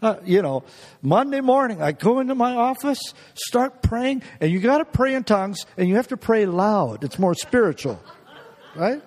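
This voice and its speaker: A man's voice: sits high, sing-song, normal speed, a little mellow, in a large hall. A middle-aged man preaching a folksy sermon full of personal stories, chuckling often and restarting his sentences. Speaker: guest preacher. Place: church.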